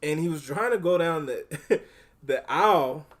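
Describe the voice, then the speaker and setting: A man co-hosting a podcast, telling work stories in relaxed, hesitant casual chat with many fillers. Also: on the high side, a little slow. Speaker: podcast co-host, store manager.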